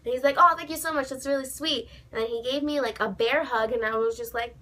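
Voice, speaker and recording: A woman's voice: sits high, fast, hardly any pauses. A young woman vlogger gushing as she retells a concert night, acting out the dialogue. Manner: excited, gushing fan retelling with quoted dialogue. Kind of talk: casual storytelling.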